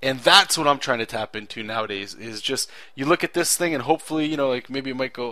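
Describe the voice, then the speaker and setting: He talks fast, with few pauses, in a medium-pitched voice that sounds pushed and bright. The man is an artist rambling casually over his own drawing video, earnestly enthusiastic about clear storytelling and correcting himself a lot. The recording is dry.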